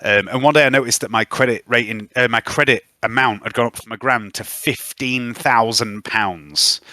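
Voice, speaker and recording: Male GM, bright clear tone, dry close sound, laid-back and chatty. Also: mid-range voice, normal speed, no room sound. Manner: chatty, easygoing, with long anecdotes. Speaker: game master. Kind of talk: running a tabletop game over casual chat.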